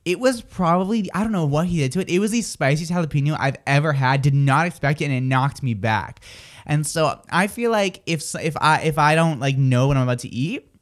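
Radio host in the studio, lively storyteller, middle-pitched voice. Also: brisk. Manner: animated storyteller, acts out quotes. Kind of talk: casual morning show chat.

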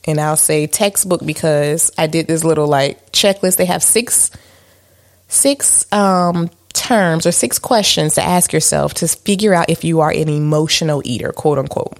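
A woman's voice: sits low, a little slow. A woman co-hosting a podcast in casual chat, talking candidly and with self-deprecating humor, with plenty of ums and likes. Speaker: podcast co-host.

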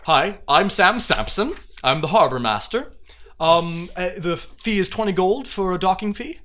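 Brief: man voicing a harried dock boss, sarcastic, high and brassy. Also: expressive, measured pace. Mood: businesslike. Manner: shouting, exasperated. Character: gruff ginger harbor master, annoyed and sarcastic.

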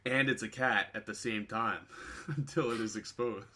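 A man's voice: fairly low pitch, fairly even intonation, moderate pace, bright, forceful tone. A young man in casual podcast chat, talking in a laid-back way with many fillers and laughs. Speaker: podcast co-host.

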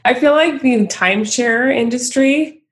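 A woman's voice: sits high, unhurried. A woman co-hosting a podcast, chatting casually and sympathizing with her friend. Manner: sympathetic, gives short agreeing replies. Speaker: podcast co-host. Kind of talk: casual chat.

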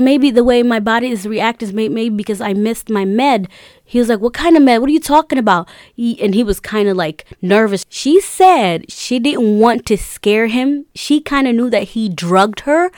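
A woman's voice: fairly high pitch, no echo, studio quality. A woman casually retelling a story, chatty, with many fillers and quoted voices.

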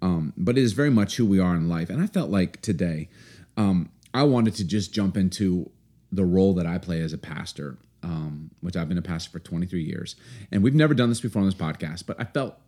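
Deep-voiced earnest male pastor. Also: lively intonation, warm tone. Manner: earnest, unhurried, many fillers and restarts. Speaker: pastor and podcast co-host. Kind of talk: casual podcast talk and scripture reading.

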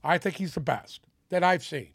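A man's voice: on the high side, moderate pace, fairly bright tone, dry recording. A man co-hosting a casual sports podcast, blunt and opinionated, often stumbling over his first words before a point. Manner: opinionated, stammers restarts, blunt.

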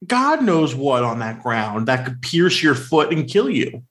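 A man's voice: medium pitch, a little slow, few pauses. Man, podcast co-host, casual chat, rambling, lots of fillers. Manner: rambling, filler-heavy, animated questions.

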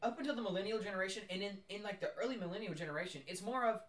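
A man's voice: high-pitched, rapid-fire, fairly bright tone. A young man in casual podcast chat, earnestly thinking aloud. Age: young adult. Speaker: podcast co-host. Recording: echoey room, far from mic.

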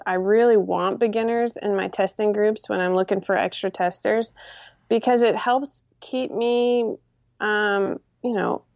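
A woman's voice: medium pitch, vocal fry, darkish tone, no room sound, lo-fi sound. Chatty woman sewing pattern designer. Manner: chatty, quick bursts, fillers like "um" and "like". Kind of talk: casual conversational interview.

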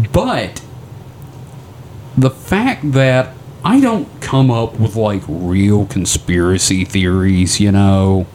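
A man's voice: on the low side, animated, extremely slow, pauses often, a little mellow. Man, podcast co-host, loose rambling storyteller, swears a lot, faint hiss behind. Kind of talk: casual podcast chat.

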